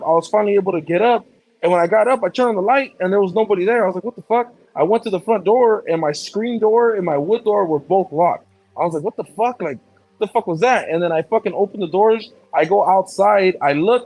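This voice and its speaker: A man in casual chat, telling a personal story in an animated, profane way. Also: high-pitched, creaky, no room sound, poor audio.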